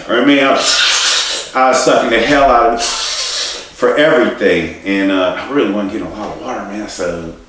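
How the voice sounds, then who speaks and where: Rambling deep-voiced man in an echoey room. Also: fairly bright tone. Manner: rambling, halting, swears, laughs at himself. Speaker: storyteller. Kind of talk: casual storytelling. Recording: distant mic in a very echoey room.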